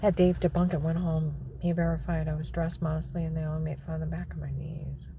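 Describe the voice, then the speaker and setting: A woman with a low, gravelly voice tells her story in an agitated, rambling rush. Her words tumble out as she relives it. A faint hum sits behind her. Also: level tone, quick pace, dark tone. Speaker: vlogger. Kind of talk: personal account to camera.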